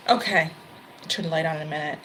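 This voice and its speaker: A tarot reader with a deep but fairly bright voice gives a casual, chatty reading, laughing a lot and correcting herself mid-sentence. Card shuffling and clicks sound behind her on a rough recording with a little hiss or hum.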